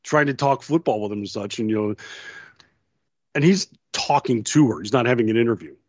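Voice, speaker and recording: A man's voice: medium pitch, animated, fairly quick, darkish tone, no echo. Man telling stories in dry, dull audio. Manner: storytelling, quotes others with laughs. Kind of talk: casual chat.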